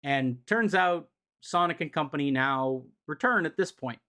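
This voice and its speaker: A man's voice: on the high side, expressive, measured pace, pushed and bright. A young adult man recapping comic books in a loose, profane, filler-heavy way as a streamer. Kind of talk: casual chat.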